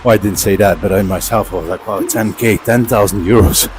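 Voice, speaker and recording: A man's voice: on the low side, a little fast, background noise. Chatty man, winded mid-workout. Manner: rambling, chatty storytelling. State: slightly out of breath from cycling. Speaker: vlogger. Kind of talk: casual storytelling during a workout. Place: indoor training setup at home.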